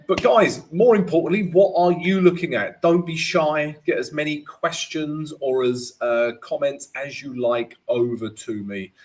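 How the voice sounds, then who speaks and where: A man hosting a live trading stream, walking through charts and greeting viewers by name. He keeps tagging his sentences with "right?" and "you know". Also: on the high side. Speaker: forex trading analyst and host.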